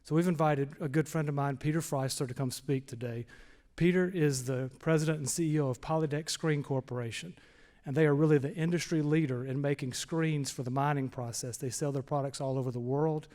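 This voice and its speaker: A man with a slightly high voice introduces the guest at a chapel service in a measured, somewhat halting way. His words trail off into a long hall reverb. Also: steady tone, warm tone. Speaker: host introducing the guest speaker. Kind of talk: formal introduction.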